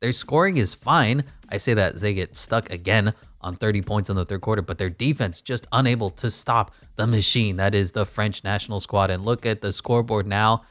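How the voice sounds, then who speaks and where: A man's voice: fairly low pitch, a bit bright. A young man giving casual, joking play-by-play commentary on a basketball video game, rattling off player stats. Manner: jokey play-by-play with quick stat rundowns. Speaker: gaming YouTuber.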